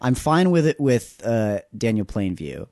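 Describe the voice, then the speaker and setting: A man's voice: medium pitch, big pitch swings, unhurried, warm tone, no room sound. Man, podcast co-host, rambling film chat, dry close mic. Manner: rambling, many restarts, swears casually. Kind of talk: casual film discussion.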